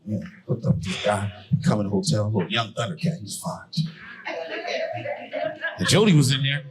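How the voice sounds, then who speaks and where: A man performing a stand-up comedy set on stage, telling profane stories loudly and baiting the crowd. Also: fairly low pitch, animated, normal speed, poor audio. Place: comedy stage before a live audience. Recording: live crowd laughter and applause. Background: audience laughing and clapping.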